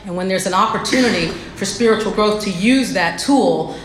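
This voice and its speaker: A woman's voice: medium pitch, normal speed. A woman giving a personal recovery share at a meeting, candid and self-deprecating in how she tells her story. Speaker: speaker sharing at a recovery meeting. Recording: echoey room, faint background noise.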